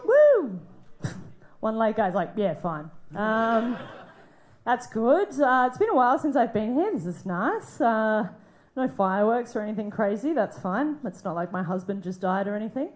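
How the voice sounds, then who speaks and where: Woman starting a standup set, upbeat then deadpan, lively swoopy voice. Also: a little high, normal speed. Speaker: stand-up comedian. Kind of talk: stand-up comedy opening. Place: live comedy club stage.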